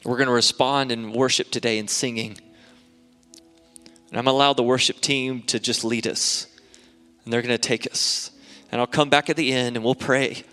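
A man's voice: medium pitch, steady tone, normal speed, long pauses, sharp tone, clear, resonant tone, soft background music. A man preaching a sermon as a pastor, earnest and repetitive, building to fervent prayer. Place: church sanctuary. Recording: long hall reverb in a church.

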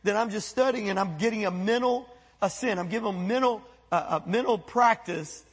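A man preaching a sermon as pastor, animated, breaking into quoted voices and asides. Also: sits high, a little fast, husky, long reverb tail. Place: church sanctuary.

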